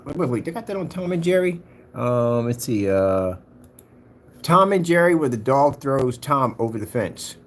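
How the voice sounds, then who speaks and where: A man ranting in a taunting, mocking way to his viewers, jumping between loud jabs and low mutters. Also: slight background noise. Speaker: vlogger. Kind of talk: ranting monologue to camera.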